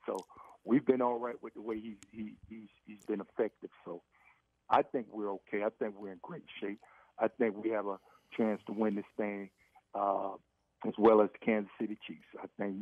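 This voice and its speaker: A man's voice: on the low side, dry recording. A middle-aged former football player, a guest on sports radio, talking casually and emphatically, restarting and repeating his phrases. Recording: dry, tinny phone line.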